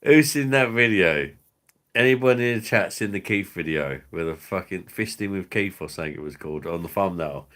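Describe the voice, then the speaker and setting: Low-voiced, sweary man. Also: lively intonation, fairly quick, a bit bright. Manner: crude, sweary banter, often breaking into laughter. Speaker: livestream host. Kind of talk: casual live-stream chat reading out viewer comments.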